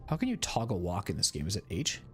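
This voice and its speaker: A man's voice: lowish voice, wildly swooping pitch, fast talker, soft background music. A man streaming a video game, chatting casually in a rambling, cursing way. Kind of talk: casual gaming commentary.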